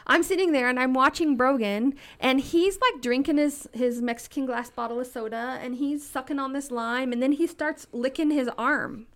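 A woman in her thirties telling stories as a podcast guest, animated and often laughing, acting out the voices of the people in them. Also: high-pitched, normal speed, hardly any pauses. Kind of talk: casual storytelling. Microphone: podcast studio mic.

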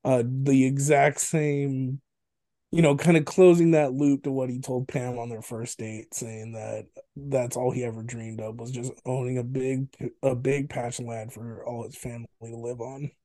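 A man's voice: mid-range voice, fairly even intonation, moderate pace, warm tone, dry recording. A man co-hosting a podcast, casually and animatedly retelling a film's scenes, laughing and swearing now and then. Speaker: podcast co-host. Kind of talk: casual film review chat.

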